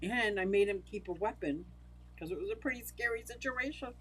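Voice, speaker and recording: A woman's voice: mid-range voice, brisk, fairly bright tone, husky, poor audio. An older woman hosting a livestream, chatting casually, laughing often and answering viewers by name. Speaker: livestream host. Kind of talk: casual livestream chat reading comments.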